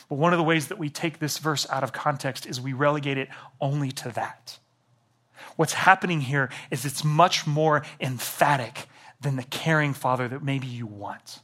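A young man delivers a sermon in a bright, forceful voice pitched a little high. He swings from emphatic, raised passages to hushed, almost whispered lines. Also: steady tone, a little fast. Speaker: pastor.

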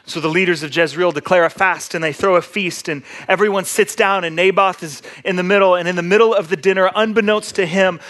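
A high-pitched pastor preaches a sermon, retelling scripture in a relaxed, conversational storytelling style.

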